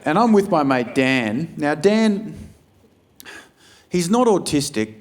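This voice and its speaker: A middle-aged Australian man doing a crude, blunt stand-up comedy set, slipping into high put-on voices when quoting people. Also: sing-song, slow. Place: large comedy venue before a live crowd. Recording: live stage recording with crowd laughter. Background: audience laughter.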